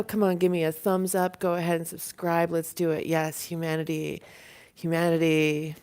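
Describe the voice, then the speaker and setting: A woman's voice: deep voice, flat delivery, normal speed, a little mellow, smooth. A woman hosting a casual livestream from her apartment, talking in a put-on Southern US accent, rambling and chatty with frequent laughs. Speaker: livestream host. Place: at home in an apartment. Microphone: device camera.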